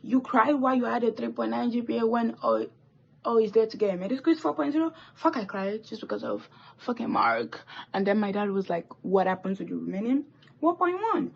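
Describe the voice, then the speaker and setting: A teenage girl telling a rambling, animated story while doing her makeup, with swearing and asides. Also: a little high, a little fast, gravelly, lo-fi sound. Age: teens. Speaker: vlogger. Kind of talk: chatty get-ready-with-me story time.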